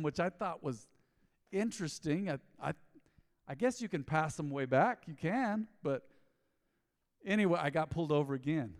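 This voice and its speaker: A man preaching a sermon as pastor, telling a story in a lively way and acting out the dialogue. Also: fairly high pitch, moderate pace, pauses often. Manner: storytelling, animated, acts out dialogue. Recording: long hall reverb.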